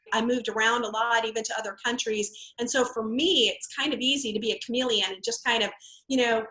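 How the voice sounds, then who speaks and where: Woman trainer, conversational and relaxed, bright higher voice, echoey room. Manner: conversational, laid back. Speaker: real estate trainer. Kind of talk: online workshop teaching.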